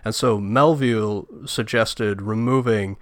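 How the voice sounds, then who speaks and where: A man's voice: fairly low pitch, measured pace, dry recording, clean studio sound. A man co-hosting a film review podcast, talking bluntly with a sarcastic edge. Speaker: podcast co-host. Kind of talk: casual film review chat.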